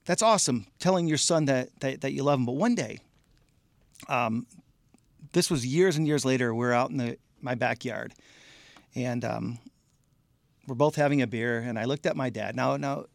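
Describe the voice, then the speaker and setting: Male podcast guest, medium pitch, heartfelt animated storyteller who repeats himself, dry studio mic. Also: moderate pace, creaky, long pauses, no echo. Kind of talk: casual interview storytelling.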